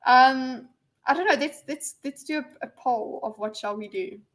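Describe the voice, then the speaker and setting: A woman's voice: sits high, normal speed. A woman hosting a casual livestream, rambling and reading viewers' messages aloud with lots of fillers and restarts. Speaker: livestream host.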